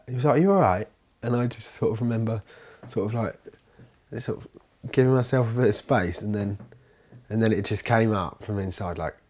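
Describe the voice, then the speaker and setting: A man in a casual interview, telling a personal story in a rambling, animated way with many fillers and restarts. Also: mid-range voice, slightly rough. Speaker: interviewee, commune resident.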